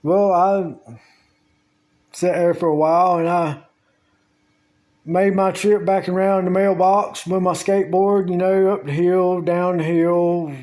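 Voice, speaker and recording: Man, home vlog monologue, unhurried drawl, slightly high voice, rambling casual talk. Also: level tone, a little mellow. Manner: slow, drawling, meandering storytelling with Southern US grammar. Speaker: vlogger. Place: at home with the door open.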